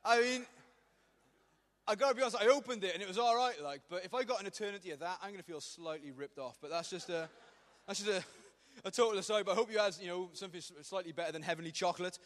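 Fast-talking preacher in a hall. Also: male voice, high-pitched, fairly bright tone. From Wales. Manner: joking, rambling, self-deprecating. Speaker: pastor. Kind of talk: humorous youth sermon. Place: church hall.

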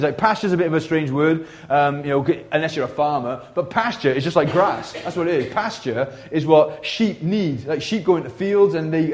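A man's voice: a little high, darkish tone. Chatty preacher, man. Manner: conversational, full of fillers and restarts. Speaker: pastor. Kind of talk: sermon. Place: church.

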